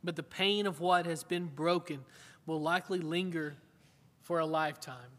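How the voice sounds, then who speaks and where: Middle-aged guy preaching, earnest and chatty, slightly high voice, long echo off the church walls. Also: moderate pace, fairly bright tone. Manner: earnest, conversational preaching with rhetorical questions. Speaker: pastor. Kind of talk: sermon. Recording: long hall reverb.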